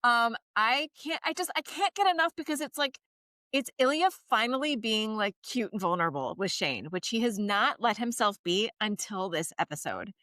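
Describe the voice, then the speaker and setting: Animated woman podcaster, dry close mic. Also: a little high, no echo. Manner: animated retelling, slows down for emphasis. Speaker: podcast co-host. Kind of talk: casual chat.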